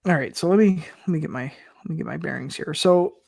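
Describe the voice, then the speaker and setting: Joking laid-back guy on a podcast, bit of a higher voice, lots of yeahs and ums. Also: fairly quick, creaky, darkish tone, husky, no echo, clean studio sound. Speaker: podcast co-host. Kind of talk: casual chat recapping wrestling.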